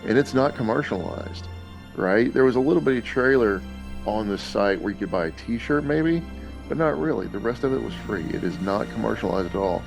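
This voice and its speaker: Gravelly low-voiced man telling stories. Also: brisk, over music. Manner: animated storyteller, laughs often. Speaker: podcast guest dad. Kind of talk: casual storytelling.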